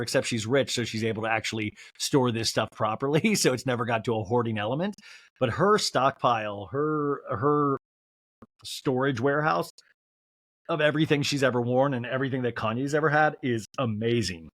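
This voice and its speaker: A man's voice: mid-range voice, lively intonation, a little fast, fairly bright tone, dry recording, studio quality. A young man hosting a podcast, recapping a reality show with snarky, mocking humor. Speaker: podcast host. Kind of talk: comedic TV recap.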